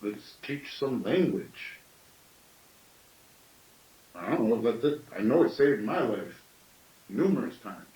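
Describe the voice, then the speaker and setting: A man's voice: mid-range voice, sing-song, slow pace, pauses often, darkish tone, reverberant, recorded from a distance, rough recording. A man in his late thirties giving a thoughtful storytelling talk, often asking himself questions aloud. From Canada. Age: late 30s. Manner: thoughtful, with self-questioning asides. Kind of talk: reflective teaching talk.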